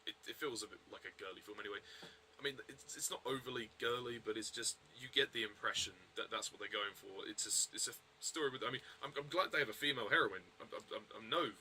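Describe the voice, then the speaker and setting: A man talks through a film review in a loose, unscripted way, stumbling over restarts and filler words. His voice is strikingly bright and edgy at a middling pitch. A faint hiss sits behind him. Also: fast, poor audio. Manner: rambling, hesitant, many fillers and restarts. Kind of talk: casual video review.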